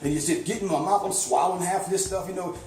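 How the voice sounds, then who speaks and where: A man from St. Louis telling a long, rambling story in a casual, animated way, with lots of "you know.". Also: high-pitched, very fast, echoey room, soft background music. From St. Louis, USA.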